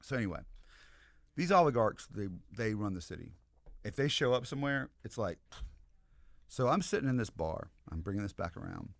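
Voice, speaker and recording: An American man and podcast guest telling an animated, rambling story in casual chat, with many asides to the listeners. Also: on the low side, fairly quick, gravelly, pauses often, no room sound. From United States.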